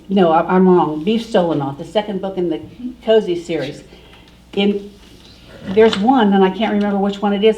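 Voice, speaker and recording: A woman's voice: lowish voice, dark tone. A woman author at a library forum, talking casually and correcting herself as she answers an audience question. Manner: scattered, self-correcting. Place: library meeting room. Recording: distant room recording with faint hiss.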